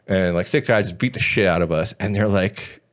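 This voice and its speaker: A man's voice: low voice, brisk. A man in his thirties, a podcast guest, telling wild stories in a casual, profane way, with lots of "like". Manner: animated, profane, says "like" a lot. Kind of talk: casual storytelling chat.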